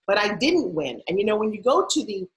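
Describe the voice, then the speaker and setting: A woman's voice: mid-range voice, sing-song, a little fast, low-quality recording. A middle-aged woman from New York, a podcast guest telling her life story with punchy emphasis. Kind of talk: storytelling interview.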